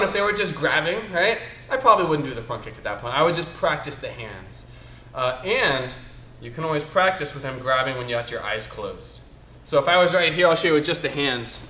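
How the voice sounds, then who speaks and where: Upbeat high-voiced karate teacher, roomy studio. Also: male voice, sharp tone, a little hiss or hum. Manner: upbeat and encouraging, calling out counts and commands. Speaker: martial arts instructor. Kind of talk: teaching a live online kids' karate class. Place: martial arts studio. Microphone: camera a few steps away.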